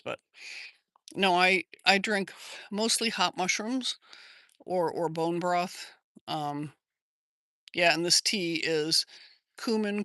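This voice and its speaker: An older American woman hosts a casual livestream from her yard, rambling and chatting as she answers viewer comments on a phone. Her voice is low-pitched but bright and forceful. The sound is studio quality with no echo.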